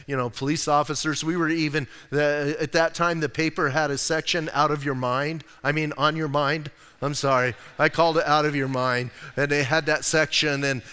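A man's voice: on the high side, bright, forceful tone, clean tone. A man preaching a sermon as pastor, in a conversational style with rhetorical asides, sometimes acting out the people he quotes. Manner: acts out quoted voices. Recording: long hall reverb.

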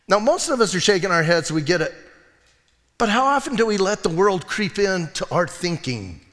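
A male pastor preaching a sermon, telling stories with lively acted quotes and laughter. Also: high voice, normal speed, in a large hall. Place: church sanctuary.

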